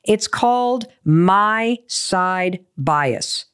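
Animated woman giving emphatic advice. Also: medium pitch, drawn-out words, smooth. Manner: emphatic, repeats key points; animated storyteller, self-deprecating. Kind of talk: motivational advice talk with personal story.

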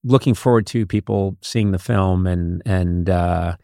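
A man in his sixties hosting a podcast in casual chat, talking haltingly with many fillers and restarts. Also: low voice, gravelly, mellow, dry recording, studio quality. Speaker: podcast host.

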